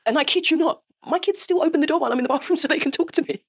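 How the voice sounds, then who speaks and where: A woman's voice: sits high, rapid-fire. A woman in her forties, host of her own show, telling a raw, sweary confession and laughing through the pain. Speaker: podcast host. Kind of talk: candid confessional monologue.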